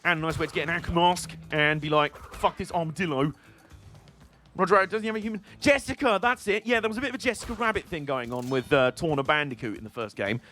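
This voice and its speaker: A man's voice: a little high, big pitch swings, rapid-fire, hardly any pauses, sharp tone, soft background music. A British man streaming a video game, giving casual, joking and rambling commentary. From Britain.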